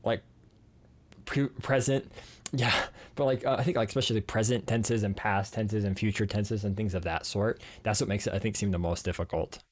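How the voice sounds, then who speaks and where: A man's voice: on the low side, steady tone, moderate pace. A man streaming live, chatting casually and rambling with lots of fillers and self-corrections. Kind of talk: casual chat.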